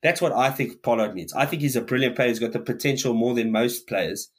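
A man's voice: mid-range voice, fairly quick, husky. Ranting podcast man. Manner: heated, ranting, swearing. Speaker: podcast co-host. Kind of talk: casual chat.

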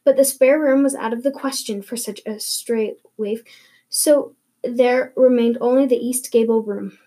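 A woman's voice: a little high, steady tone, unhurried, warm tone. A woman reading a novel aloud, stumbling and restarting often. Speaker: reader.

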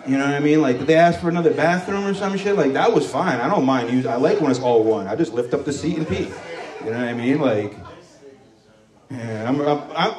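Here a Moroccan comic in his thirties works a comedy club stage with a loose, crude, meandering set full of mocking voices. He speaks at medium pitch, animated and fairly quick, with a slightly mellow quality. The recording sounds roomy and far off.

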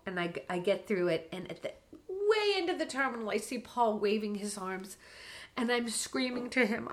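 A woman co-hosting a podcast, telling a travel story in a lively, animated way. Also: medium pitch. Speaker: podcast co-host. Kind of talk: casual storytelling.

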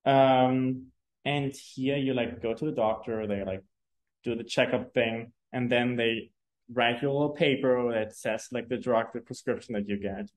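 A man's voice: mid-range voice, moderate pace. A German man as a podcast guest, telling casual stories and laughing easily. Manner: relaxed storyteller, laughs easily. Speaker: guest, agency co-founder. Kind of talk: casual interview chat.

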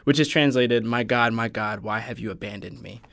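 Gravelly guy on a podcast, earnest, keeps quoting bible verses, average pitch. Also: moderate pace, fairly bright tone. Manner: earnest, quotes scripture at length. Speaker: podcast guest. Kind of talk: casual faith discussion.

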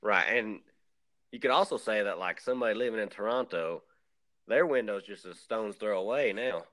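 A podcast host with a fairly low voice. He asks his guest dry, straightforward questions. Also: normal speed, a bit bright, poor audio. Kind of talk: comedic podcast banter.

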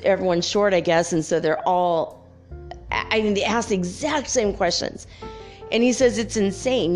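A woman's voice: medium pitch, darkish tone. Chatty woman with faint music behind. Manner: chatty, rambling, many fillers and laughs. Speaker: podcast host. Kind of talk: casual spiritual podcast monologue.

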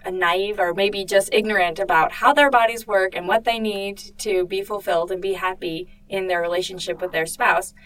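A woman's voice: mid-range voice, fairly bright tone. A woman chatting about a book in a loose, conversational way, full of fillers and restarts. She sits a little back from the mic, so her voice sounds slightly distant. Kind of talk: casual discussion of a book.

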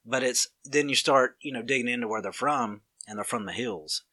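A man's voice: medium pitch, moderate pace, pushed and bright. A man with a Southern US accent, chatting casually and acting out both sides of a story. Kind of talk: casual chat.

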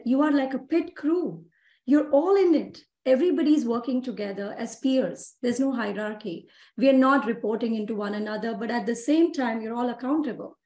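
A woman's voice: sits high, mellow, echoey room. A woman from India with an Indian accent, a guest telling her story in a casual interview with many "you know" fillers.

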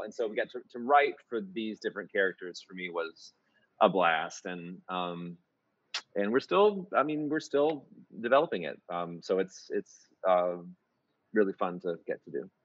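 Low-voiced man, rambling with many restarts. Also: lively intonation, normal speed, a bit bright, no room sound, lo-fi sound. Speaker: musical theater composer and lyricist. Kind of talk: casual interview chat.

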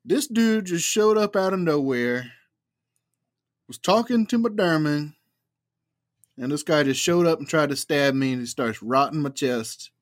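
A man's voice: a little high, animated, unhurried, dry recording, clean studio sound. A man playing a tabletop game, describing his character's actions with playful banter. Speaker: player. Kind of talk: casual tabletop play.

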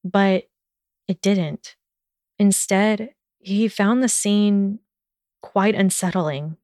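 A woman narrating a story in a measured, steady reading voice. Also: medium pitch, dry recording, clean studio sound.

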